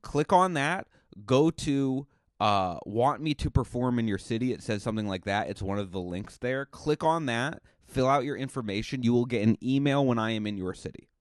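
A man's voice: mid-range voice, animated, moderate pace, no room sound, clean studio sound. A male stand-up comedian talking through a casual podcast monologue, chatty and rambling, with plenty of restarts and fillers.

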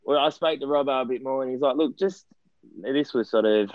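An Australian man in a casual interview, spinning a self-deprecating yarn with plenty of ums, restarts and quoted dialogue. His voice sits at an ordinary middle pitch. The recording is dry and slightly muffled. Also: fast, dry recording. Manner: rambling, self-deprecating storyteller with many restarts and fillers. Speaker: guest, former footballer and coaching director.

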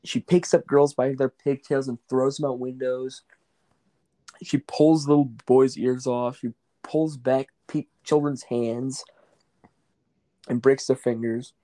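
A man's voice: mid-range voice, fairly even intonation, slow, warm tone, dry recording, rough recording. A man in casual chat, talking bluntly and crudely, swearing freely and correcting others drily. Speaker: stage actor guest.

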